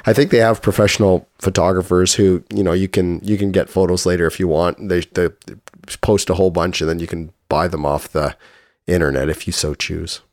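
Brief: middle-aged male podcast co-host, very low voice, dry close mic, laid-back rambling, fighting a cough. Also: fairly even intonation, darkish tone, dry recording. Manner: easygoing, halting, restarts often. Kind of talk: casual chat. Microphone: studio microphone.

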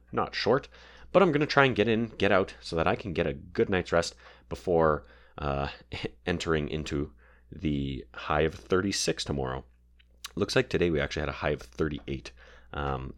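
Deep-voiced man hosting a podcast. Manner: rambling, filler-heavy, digressive. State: sore throat. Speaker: podcast host. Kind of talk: casual solo podcast chat. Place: home basement.

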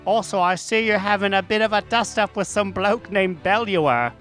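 A man's voice: high voice, normal speed, fairly bright tone, soft background music, pitched above the performer's own voice. A man putting on a Cockney accent to voice a chatty, folksy woman fan who is prim and gossipy, in a sing-song manner that turns crude. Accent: Cockney, put on.

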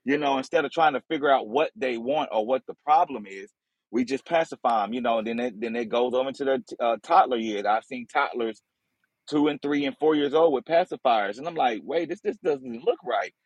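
Relaxed joking man, dry sound. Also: mid-range voice, a little fast, no echo, rough recording. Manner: joking, relaxed, informal speech. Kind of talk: casual chat.

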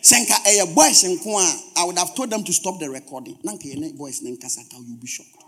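A man's voice: sits high, brisk, a bit bright, soft background music. A man preaching a sermon as pastor, emphatic, repeating phrases for stress and dropping humorous asides to the congregation.

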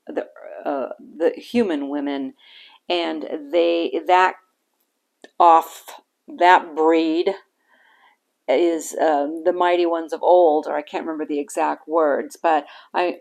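A woman talks through a bible chapter on her own podcast. Her voice sits a little low and she moves at an unhurried pace. She pauses often, fills gaps with fillers and restarts her sentences, earnest and reflective throughout. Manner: halting, with frequent fillers and restarts. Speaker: podcast host reading scripture. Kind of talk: casual bible-reading podcast talk.

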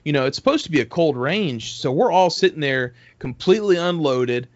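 Slightly high and expressive, a man's voice moves fairly quickly through a lengthy, meandering podcast story. He curses a lot and performs other people's lines, recorded dry and dull on a close mic with no echo.

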